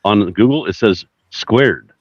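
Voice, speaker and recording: Low-voiced man on a dull, dry mic. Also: slow pace, no echo. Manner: questioning, reads from search results. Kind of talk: casual podcast chat.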